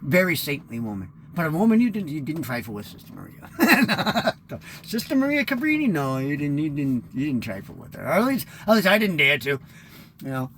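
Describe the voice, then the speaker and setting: A man's voice: a little high, big pitch swings, a little fast, fairly bright tone, a little hiss or hum. A man in his fifties rambling through a candid, profane personal monologue as host of his own show. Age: 50s.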